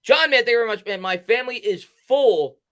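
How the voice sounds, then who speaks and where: A man hosting a live sports talk stream, upbeat and quick, reading out viewer names and thanking them. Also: extremely high pitch. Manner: fast, energetic, shouts out chat names. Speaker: livestream host.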